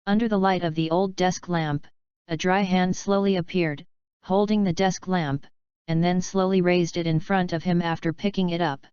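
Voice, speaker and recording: Woman audiobook narrator, smooth clear voice, dull lo-fi recording. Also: on the low side, fairly even intonation, normal speed, a little mellow, dry recording. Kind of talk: audiobook reading.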